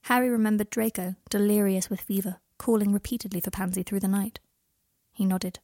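Soft-spoken woman reading a story. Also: fairly even intonation, fairly quick, dry recording, studio quality. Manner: soft, low-key narration. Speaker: audiobook reader. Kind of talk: fan fiction reading.

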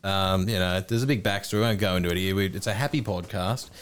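A man's voice: low voice, fast talker, clear, resonant tone. A man, co-hosting a podcast and telling a rambling, laughing, sweary anecdote. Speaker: podcast co-host. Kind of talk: casual chat.

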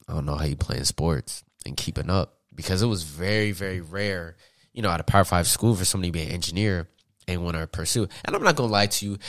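A young man from Atlanta, a podcast guest, telling stories in a casual, slangy, animated way and laughing often. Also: low-pitched, no room sound, studio quality. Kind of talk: casual storytelling.

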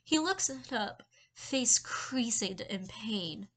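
A woman narrating a fan fiction story in a lively way, with some slips and restarts. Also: a little high, a little slow.

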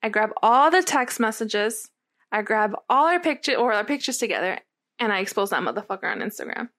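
A young woman telling a story in casual chat, animated and swearing freely, often checking in with her listener. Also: medium pitch, fairly quick.

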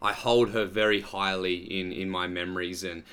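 A man's voice: low-pitched, fairly even intonation, normal speed, a bit bright, smooth. A man hosting a casual interview, rambling and heartfelt with friendly slang. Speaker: podcast host.

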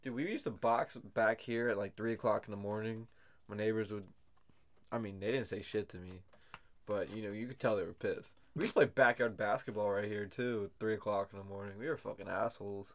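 Easygoing young male guest with a lowish voice and profane, relaxed storytelling. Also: a little fast. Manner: laid-back, swearing, chuckling. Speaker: podcast guest. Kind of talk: casual chat.

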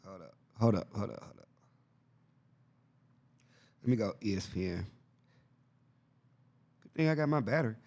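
A man hosting a podcast, chatting casually and excitedly, full of slang and repeating himself. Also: on the low side, normal speed, pauses often. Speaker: podcast host. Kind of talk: casual basketball chat.

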